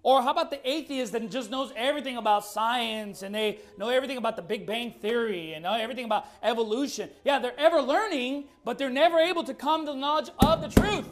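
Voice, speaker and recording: A man preaching a sermon, firing rhetorical questions and reading scripture slowly and deliberately. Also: very high voice. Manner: emphatic, fires rhetorical questions.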